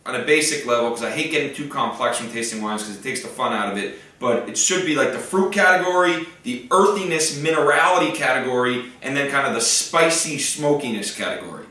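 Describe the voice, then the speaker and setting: A man's voice: medium pitch, animated, fairly quick, hardly any pauses, pushed and bright, far from the mic. Chatty man explaining wine, echoey room. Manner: enthusiastic, chatty, filler-heavy. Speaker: wine host. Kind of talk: casual wine-tasting tutorial. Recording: roomy echo, off-mic.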